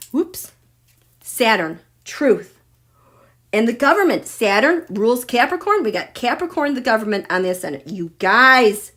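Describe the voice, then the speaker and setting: A middle-aged woman hosting a live astrology reading, excitable and gushing, swinging from loud exclaiming to near whispers. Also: a little high, moderate pace. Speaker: astrology and tarot livestream host.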